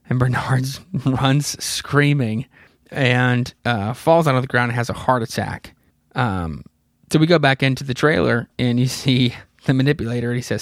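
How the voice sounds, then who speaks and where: A man in his thirties hosts a podcast and retells a comic story in loose, rambling talk. He swears now and then and chuckles at his own asides. His voice sits at an ordinary middle pitch and is recorded close and dry. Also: normal speed, no echo. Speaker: podcast host. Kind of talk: casual comic book recap.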